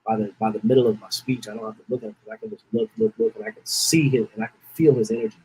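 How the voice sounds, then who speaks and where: A man's voice: on the low side, very fast, mellow, breathy edge, poor audio. A man hosting a podcast, telling a story in a casual, rambling way, repeating himself and holding back tears. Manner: emotional, rambling, repeats phrases. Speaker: podcast host.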